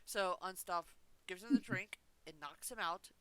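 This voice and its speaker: A woman's voice: lowish voice, normal speed, pushed and bright, clean tone, rough recording. A woman co-hosting a podcast, chatting enthusiastically about an episode. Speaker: podcast co-host. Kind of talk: casual chat.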